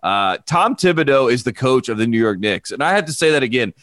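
A man's voice: mid-range voice, animated, brisk, a bit bright, no echo, studio quality. A man co-hosting a casual sports podcast, confident and playful as he talks up a player. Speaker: podcast co-host.

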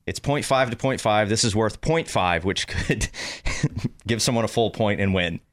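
A man's voice: lowish voice, expressive, unhurried. A man running a pop quiz on a radio show, teasing the hosts and laughing often. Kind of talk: playful quizmaster banter.

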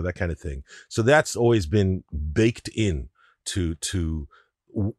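A man's voice: low voice, darkish tone, slightly rough, no room sound, studio quality. A man co-hosting a podcast, explaining his views thoughtfully with everyday analogies and casual swearing. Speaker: podcast co-host.

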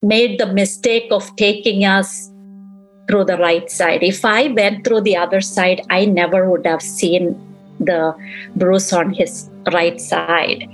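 Slow-speaking middle-aged mother recounting loss. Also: medium pitch, steady tone, soft background music, low-quality recording. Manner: retells events by acting out quoted dialogue. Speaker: grieving mother, interview guest. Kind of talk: emotional personal recollection.

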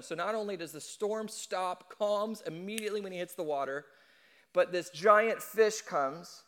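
High-voiced conversational male pastor. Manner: conversational, animated, acts out quotes. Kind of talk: sermon.

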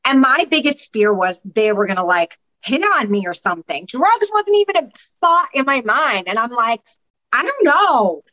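Bright-voiced woman telling her story. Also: a little high, normal speed, rough recording. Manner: animated, acts out voices of others, swears casually. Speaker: podcast guest. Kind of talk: candid personal storytelling.

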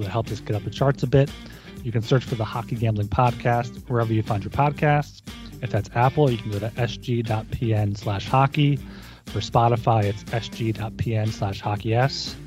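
A man co-hosting a hockey betting podcast, easygoing and upbeat in casual chat. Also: mid-range voice. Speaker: podcast co-host.

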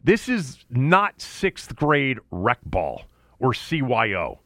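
A man's voice: mid-range voice, huge pitch swings, takes it slowly, a bit bright, no echo, studio quality. A man co-hosting a casual sports talk show, blunt and opinionated, cursing freely and restarting his sentences often. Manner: blunt, swears, many restarts. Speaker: podcast co-host.

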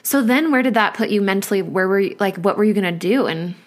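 Woman, postpartum coach hosting a podcast, effusive, warm, chatty interview. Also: mid-range voice, animated, fast talker. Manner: warm, effusive, gets emotional. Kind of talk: casual interview chat.

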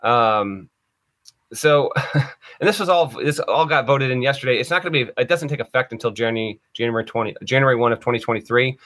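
A man with a bright, forceful voice reads out news items and then weighs in with skeptical remarks. He talks in a casual podcast manner at an ordinary pitch. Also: animated, fairly quick. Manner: reads statements aloud, then comments skeptically. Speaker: podcast co-host. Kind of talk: casual sports chat.

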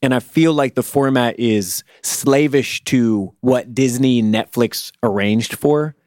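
Animated man in casual chat. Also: medium pitch, slow, no room sound, clean studio sound. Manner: animated, restarts and repeats words. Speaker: co-host discussing TV shows.

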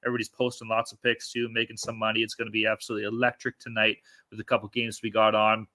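A man's voice: lowish voice, monotone, rapid-fire, pushed and bright. A man hosting a podcast in casual sports betting chat, loose, profane and hyped-up. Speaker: podcast host.

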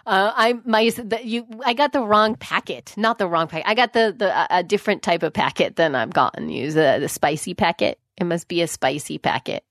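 A woman co-hosting a podcast in casual chat, chatty and excitable, often saying "dude". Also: fairly low pitch, fairly quick, few pauses, no room sound, clean studio sound. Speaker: podcast co-host.

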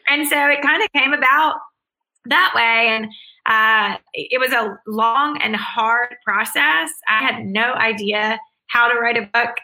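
A woman's voice: fairly high pitch, unhurried, bright, forceful tone, poor audio. A woman speaking as an interview guest, answering in an earnest, upbeat way with frequent restarts.

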